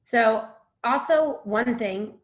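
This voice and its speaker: A woman's voice: fairly high pitch, extremely slow. Frank, casual woman teaching, roomy sound. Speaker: instructor.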